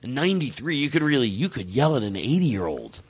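A man hosting a comedy podcast, ranting in a profane, excitable, rambling way. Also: mid-range voice, a little fast, slightly rough, no echo. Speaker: podcast host. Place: podcast studio.

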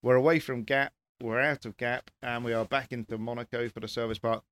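A man talking rally as a pundit in casual panel chat, animated and repeating words as he presses his points. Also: mid-range voice, fairly quick, no echo.

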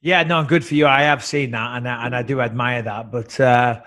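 A man's voice: mid-range voice, steady tone, moderate pace, a bit bright. A man with an English accent co-hosting a podcast, telling rambling stories in a sarcastic, casual way. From England. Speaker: podcast co-host.

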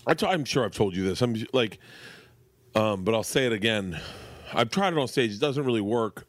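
A man's voice: fairly low pitch, brisk, no echo. A middle-aged man, a guest comedian, telling stories in casual chat and acting out the people he quotes. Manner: animated, acts out quotes in shifting voices.

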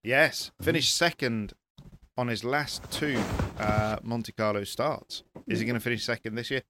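A man chatting as a rally pundit on a panel, lively, with many restarts. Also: mid-range voice, unhurried, background noise. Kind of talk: casual panel chat.

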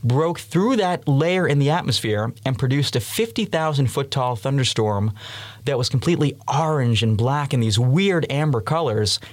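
A man in his twenties from Massachusetts, a student guest on a podcast, telling lively stories and laughing now and then. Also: medium pitch, moderate pace. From Massachusetts, USA. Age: 20s. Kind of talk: storytelling in an interview.

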